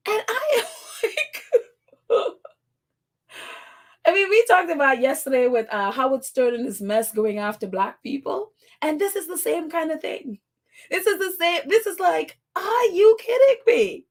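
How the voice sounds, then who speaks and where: Lively high-voiced woman podcast host. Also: moderate pace. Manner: animated, exasperated, laughing in disbelief. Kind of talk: casual commentary.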